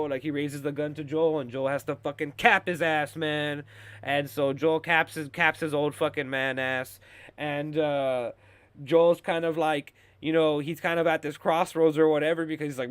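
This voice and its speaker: A man's voice: on the high side, fairly even intonation, moderate pace, a bit bright, clear, resonant tone, dry recording. A young man hosting a show, recapping TV episodes in a loose, rambling, swear-heavy casual style full of fillers. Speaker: show host reviewing TV episodes.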